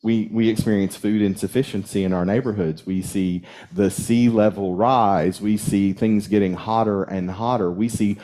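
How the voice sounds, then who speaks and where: A man's voice: on the low side, fairly even intonation, moderate pace, few pauses, warm tone. A man preaching a sermon as a minister in a conversational, storytelling way, chuckling as he goes. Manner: conversational, chuckles while telling stories. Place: church sanctuary.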